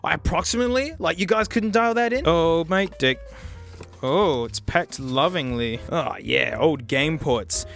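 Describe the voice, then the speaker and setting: A high-pitched Australian man chats his way through a gadget review, cracking jokes and throwing in plenty of slang. Faint music plays softly behind him. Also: unhurried, vocal fry. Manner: jokey, animated, full of Aussie slang. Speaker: YouTube host reviewing gadgets. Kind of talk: casual review chat.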